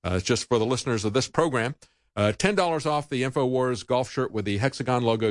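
A man's voice: medium pitch, fast talker, no room sound, studio quality. A man hosting a political talk show, delivering emphatic, sarcastic commentary and mocking the people he quotes. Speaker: talk radio host.

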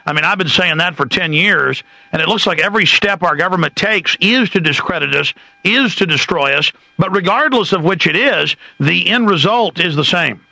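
A man hosting a call-in radio talk show, brisk and emphatic, at times sarcastic. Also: high voice, animated, vocal fry, pushed and bright, no echo, poor audio.

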